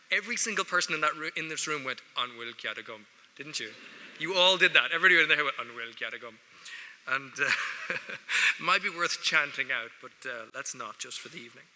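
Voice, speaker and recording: At a lectern in a large ceremony hall, an Irish man gives students a joking, wry award-ceremony speech, addressing the audience directly. His voice sits high, bright and forceful, and the recording carries the echo of the big hall.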